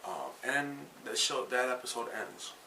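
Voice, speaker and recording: A man's voice: mid-range voice, lively intonation, a little slow, bright, forceful tone. A man recapping anime episodes in a casual, rambling way, swearing freely and correcting himself as he goes. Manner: rambling and profane, with many fillers and self-corrections. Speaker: anime reviewer. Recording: slightly distant mic with faint background noise.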